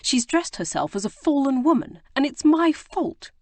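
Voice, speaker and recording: A woman reading an audiobook, voicing an agitated, guilt-stricken young gentleman who bursts into exclamations. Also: high-pitched, big pitch swings, moderate pace, no room sound, pitched above the performer's own voice. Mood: distraught. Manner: distraught, exclamatory outbursts. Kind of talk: audiobook character voice.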